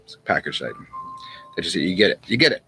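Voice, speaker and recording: Male channel host, low-ish voice, rambling casual storyteller. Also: sing-song, bright, forceful tone, soft background music. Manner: rambling and unhurried, with restarts and chuckles. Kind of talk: casual spoken teaching and storytelling.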